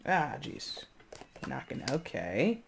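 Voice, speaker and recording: Gravelly-voiced chatty tarot reader. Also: medium pitch, huge pitch swings, takes it slowly, background noise. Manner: chatty, rambling, searches for words aloud; addresses viewers directly, frequent "okay?". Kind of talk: casual tarot reading to camera.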